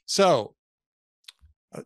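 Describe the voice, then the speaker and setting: A man hosts a podcast, chatting casually about politics with a guest and cracking wry jokes. He draws out his words, and the studio-quality recording has no room sound.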